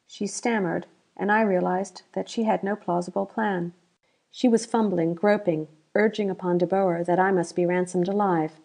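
Mellow woman reading an audiobook. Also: on the low side, steady tone, moderate pace, vocal fry. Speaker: audiobook narrator. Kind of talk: audiobook narration.

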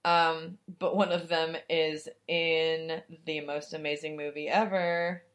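A young woman co-hosting a podcast, with a slightly low voice and a loose, rambling way of talking. She swears freely and fills her talk with fillers and quick laughs. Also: level tone. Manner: chatty, profane, lots of fillers and laughs. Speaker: podcast co-host. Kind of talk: casual chat.

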